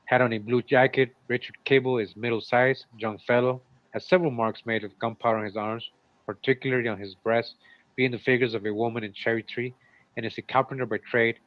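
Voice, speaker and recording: Casual male co-host reading old notices aloud, stopping to comment. Mid pitch, dry and muffled lo-fi recording. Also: fairly even intonation, a little fast, no room sound. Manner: reads old runaway ads, breaks off with asides. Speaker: show co-host. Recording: dull, lo-fi sound.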